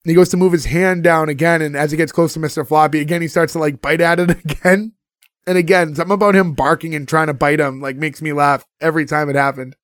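A man's voice: a little high, fairly even intonation, fast talker, dry recording, clean studio sound. A man on a podcast, casually recapping a TV episode and laughing often.

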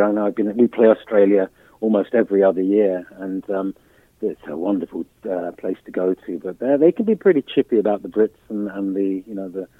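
A man's voice: fairly low pitch, dry recording. An older man, a musician guest, telling rambling anecdotes with restarts and chuckles in a casual interview. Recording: dry tinny phone-like line.

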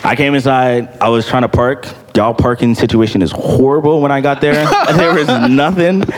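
A man's voice: normal speed, a faint crowd, slight background noise. Young man telling a story in a hall. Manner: animated storytelling, acts out quotes in a high voice, many fillers. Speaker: church member sharing testimony. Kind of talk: casual testimony. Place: church hall.

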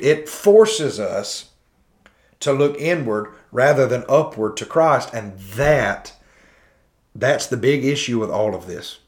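A man's voice: medium pitch, expressive, slow. A man in his thirties giving an earnest, preacherly commentary on a sermon, full of rhetorical questions. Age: 30s. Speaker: podcast host.

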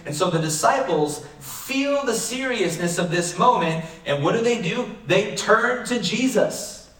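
A man's voice: high-pitched, animated, measured pace, fairly bright tone. A man pastor preaching a sermon in a conversational way, often asking rhetorical questions, in a church hall. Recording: echoey room, mic far off.

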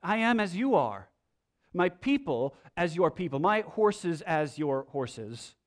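A man's voice: on the high side, very animated, takes it slowly. A pastor voicing an earnest ancient king in a raised, declaiming tone while reading scripture.

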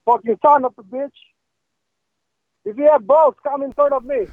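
A man's voice: very high-pitched, fairly even intonation, moderate pace, no echo. A man taking a prank call as a taxi driver, angry and cursing in broken phrases over a phone line.

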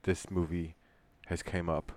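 A man co-hosting a casual podcast chat, relaxed and a little halting as he explains things. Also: sits low. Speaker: podcast co-host who picks the topic.

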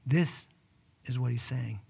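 A man preaching a sermon in an earnest, conversational way, moving between loud emphatic peaks and hushed whispers. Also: fairly high pitch, a little fast. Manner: personal, addresses listeners as guys. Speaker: pastor.

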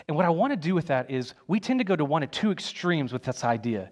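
A young adult male pastor delivering a sermon, his voice slightly higher than most men's. He preaches casually and with energy, often restarting a phrase or dropping in a filler before pressing on. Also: very animated, fast talker, few pauses.

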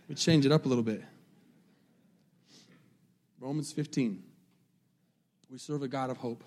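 A male pastor preaching a sermon, mixing casual asides to the congregation with slow, rising emphasis on scripture. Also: mid-range voice.

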